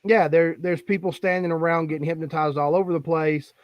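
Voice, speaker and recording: Dry, higher-voiced man explaining plainly. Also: flat delivery, a little fast, no echo, dull audio. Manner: explanatory, matter-of-fact. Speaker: guest hypnotist. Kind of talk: casual live-stream chat. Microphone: video call.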